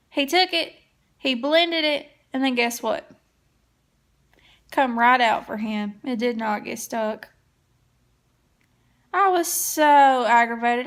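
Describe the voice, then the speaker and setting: Woman vlogger, slow and gravelly, with a bright, sharp tone. She chats casually to the camera from her home kitchen. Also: high-pitched. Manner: chatty, tells stories to viewers. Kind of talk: casual cleaning vlog storytelling.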